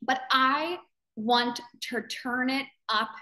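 Slow and sharp in tone, her high-pitched voice carries a fervent motivational talk to the members of the business community she founded, delivered on a live video call. She stresses points emphatically, repeats phrases, and performs others' doubts in quotes.

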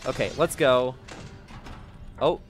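A man talks through a horror game in a let's play, jumpy and quick to yelp or gasp at every scare. His voice sits at an ordinary middle pitch. Faint game music plays underneath. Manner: jumpy and excitable, gasping and yelping at scares. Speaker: gaming YouTuber.

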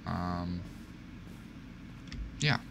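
A man's voice: sits low, expressive, very slow, creaky, noisy background. Panicky young man narrating his game. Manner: panicky, self-mocking, talks to the game. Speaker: gaming streamer. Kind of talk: live gameplay commentary.

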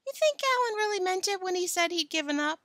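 A woman's voice: very high voice, animated, fast, bright, forceful tone, no echo, clean studio sound, pitched above the performer's own voice, full character voice. A woman voicing a doubtful, slightly bossy boy of about ten in a storybook reading.

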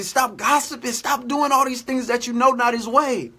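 Male preacher, high bright voice, earnest repetitive devotional exhortation. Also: moderate pace, hardly any pauses. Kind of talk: daily devotional sermon.

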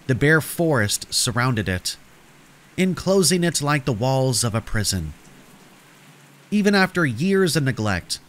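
A man narrating a scripted horror story in a slow, dramatic storytelling manner. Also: medium pitch, fairly bright tone.

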